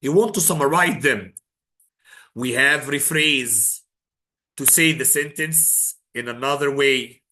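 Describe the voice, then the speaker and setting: Bright-voiced man teaching exam prep. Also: medium pitch, slow pace. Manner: mixes Arabic phrases into English, emphatic repetition.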